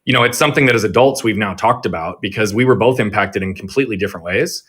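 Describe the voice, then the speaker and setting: A man's voice: fairly low pitch, quick pace, fairly bright tone, breathy edge. A man who is a guest on an interview show, reflecting earnestly on a past experience and how it affected his family. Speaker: guest, performance coach. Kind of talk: conversational interview.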